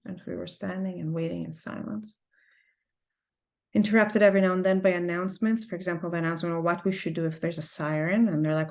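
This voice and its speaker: A woman teaching an online class over a video call, telling a personal story earnestly and with deep feeling. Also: brisk, gravelly. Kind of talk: heartfelt personal talk to a class.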